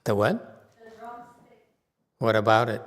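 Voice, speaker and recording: A man giving an informal Buddhist Dharma talk to his congregation, halting with many fillers and chuckling as he talks through slides. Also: on the low side, animated. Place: temple hall. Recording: long hall reverb.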